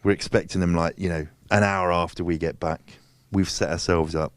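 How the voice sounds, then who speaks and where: A man's voice: low-pitched, fairly even intonation, moderate pace, no echo. A man telling a story in casual chat. He swears freely and acts out other people's lines. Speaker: guest.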